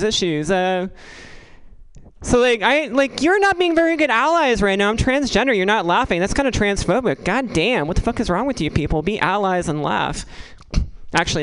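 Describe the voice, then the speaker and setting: A woman's voice: mid-range voice, low-quality recording. Rambling, crude stand-up comedian woman. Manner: rambling, halting, crude and deadpan.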